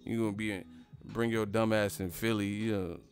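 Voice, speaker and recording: A man's voice: on the low side, little pitch movement, moderate pace, soft background music. Profane, rambling man on a live stream. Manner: profane, rambling, laughs at himself. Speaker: boxing commentary host. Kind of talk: casual live-stream rant.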